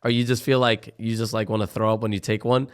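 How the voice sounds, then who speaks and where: A young man, a podcast guest, talking casually with lots of fillers and animated retellings of what people said. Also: fairly low pitch, fast talker, clear, resonant tone. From Florida. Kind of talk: casual chat.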